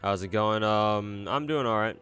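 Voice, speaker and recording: A man's voice: fairly low pitch, unhurried, fairly bright tone, soft background music. A man streaming, chatting casually and rambling between read lines of a game. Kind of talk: casual chat while reading a game aloud.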